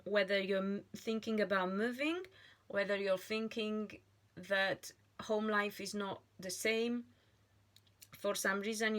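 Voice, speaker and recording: Slow, earnest woman giving a tarot reading. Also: medium pitch, a bit bright. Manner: slow and deliberate, with frequent pauses and restarts. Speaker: tarot reader.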